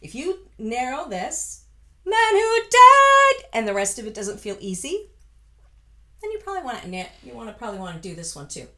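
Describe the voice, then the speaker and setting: A woman's voice: mid-range voice, very animated, brisk. A woman vocal coach from the United States giving a chatty, encouraging singing lesson, breaking into full-voiced sung examples.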